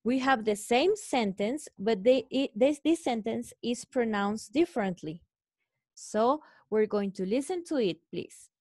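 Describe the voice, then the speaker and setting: A woman with a Mexican Spanish accent, speaking as a native Spanish-speaking English teacher. She talks slowly in a slightly high voice, explaining each point to her class. The sound is close and dry. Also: expressive, a little mellow, no room sound. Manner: slow, explanatory, addressing students as guys. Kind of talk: recorded online lesson.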